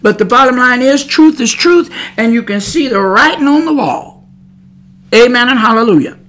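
A woman's voice: fairly high pitch, expressive, normal speed, a bit bright. Emphatic preaching woman, drawl. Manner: emphatic, repetitive, scolding. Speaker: podcast preacher. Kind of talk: preaching monologue.

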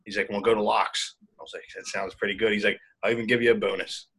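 A man's voice: on the low side, flat delivery, quick pace, a bit bright, breathy edge, low-quality recording. A man, chatting casually as a podcast co-host, telling stories in a laid-back, swearing way. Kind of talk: casual chat.

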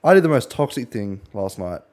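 A man hosting a podcast, husky and hungover, chatting crudely with lots of jokes and swearing. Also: mid-range voice, sing-song, brisk. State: husky from a hangover. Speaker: podcast host. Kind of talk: casual chat.

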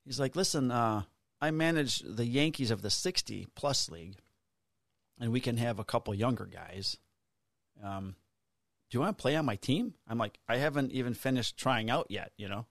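A man's voice: mid-range voice, normal speed, vocal fry, no room sound, clean studio sound. A man in his fifties, a podcast co-host, telling a long casual story with swearing and acted-out dialogue. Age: 50s. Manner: profane, animated storyteller acting out dialogue.

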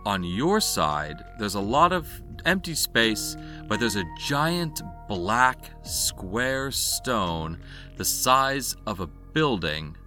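A man's voice: fairly low pitch, big pitch swings, slow, pushed and bright, soft background music. A man narrating as game master, describing scenes at length with uh and um. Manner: descriptive, with fillers like uh and um.

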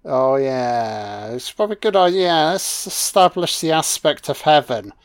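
A man's voice: fairly high pitch, expressive, normal speed, no echo. Male film commentator: mocking, profane, with a dead-dry mic and no room. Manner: sarcastic, mocking, heavy swearing. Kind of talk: audio-only film commentary rant.

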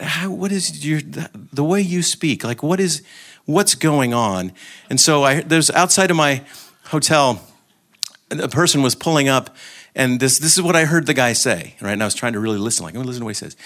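A man's voice: medium pitch, a bit bright. A man giving an informal talk to a group, telling anecdotes and joking, with frequent restarts. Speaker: guest speaker.

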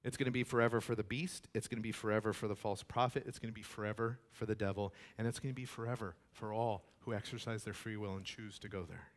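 A man preaching a sermon as pastor, emphatic, acting out quoted voices and swinging between loud declarations and hushed asides. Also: lowish voice, steady tone, fast talker, hardly any pauses.

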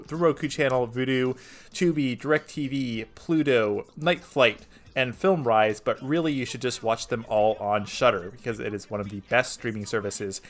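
A man hosting a film podcast, briskly reading out a scripted recap list. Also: mid-range voice, fairly bright tone. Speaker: podcast host. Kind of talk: scripted wrap-up.

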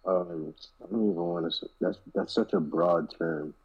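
A man's voice: low voice, steady tone, normal speed, husky. A man in a casual group chat, blunt and slangy, often trailing off. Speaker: podcast guest. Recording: dull lo-fi mic.

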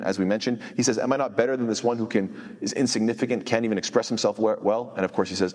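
A man teaching a Quran lesson at a very quick clip, moving between Arabic recitation and English explanation. He often repeats words and restarts as he goes, and his voice trails off into a long reverb. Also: medium pitch, darkish tone. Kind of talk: tafsir lecture.

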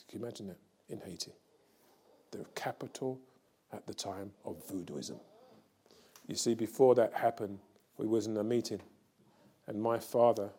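An older man preaching a sermon, telling a story slowly and then building to loud, fervent preaching. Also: fairly low pitch, breathy edge.

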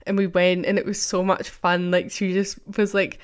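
A woman's voice: fairly low pitch, completely flat delivery, normal speed, clear, resonant tone. Young woman, casual vlogger, rambling chatty storyteller who leans on "like". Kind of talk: casual catch-up vlog.

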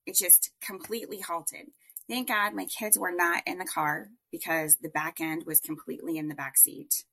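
Gravelly, bright-voiced woman telling a story. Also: mid-range voice. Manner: emphatic, animated storyteller. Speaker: guest entrepreneur. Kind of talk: personal storytelling.

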